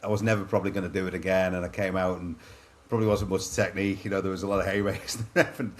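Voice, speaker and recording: A man in his forties from England with a Liverpool accent, telling stories as a podcast guest, animated and full of restarts. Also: low-pitched, quick pace. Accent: Liverpool English. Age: 40s. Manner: animated, restarts often, says mate a lot. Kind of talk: casual storytelling.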